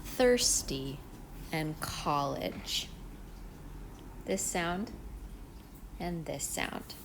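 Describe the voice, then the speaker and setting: A low-pitched woman speaks very slowly as she teaches pronunciation. She draws out each vowel with care. A faint hum sits behind her voice. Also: expressive. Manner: stretches out each vowel sound, clear and deliberate. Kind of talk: slow instructional demonstration.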